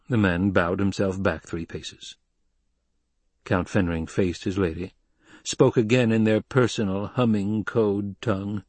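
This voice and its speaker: Brief: calm male audiobook narrator, low, unhurried. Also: no echo. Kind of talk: scripted narration.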